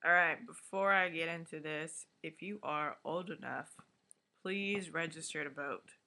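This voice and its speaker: Deep-voiced woman, blunt and chatty. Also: a little slow, gravelly, pushed and bright. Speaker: vlogger. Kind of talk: casual TV episode recap.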